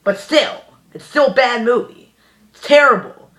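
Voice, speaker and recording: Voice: medium pitch, animated, measured pace, a bit bright. A young adult reviewing a movie in a casual, exasperated rant, rambling and full of "you know" fillers.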